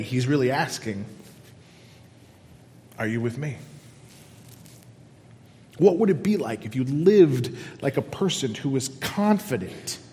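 A man preaching a sermon, swinging from loud excitement down to hushed, whispered lines. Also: medium pitch. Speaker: pastor. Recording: long hall reverb.

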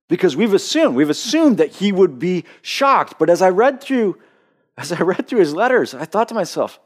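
A male pastor delivers a sermon with real conviction, his pitch swinging widely as he builds and drops. He often restarts phrases, repeating a word before pressing on. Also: sing-song, moderate pace, long pauses, breathy edge. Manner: impassioned, repeats words when starting phrases.

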